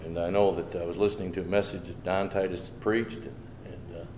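A man's voice: low voice, level tone, brisk, a little mellow. A man who preaches, telling his personal testimony in an earnest, homespun way and acting out his own thoughts and replies. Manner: earnest storytelling with homespun phrasing. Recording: roomy with faint background noise.

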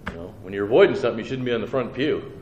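This preacher talks very fast and animatedly in a darkish, lowish voice, telling his testimony earnestly with homespun turns of phrase and acting out his own thoughts and replies. The recording is muffled and roomy, with faint noise in the background.

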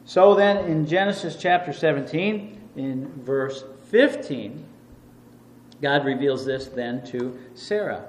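A man's voice: fairly high pitch, expressive, unhurried, a little mellow. A middle-aged male pastor preaching a sermon. He reads scripture aloud in old-fashioned wording and stresses points with emphatic repetition. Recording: echoey church hall with faint ambience.

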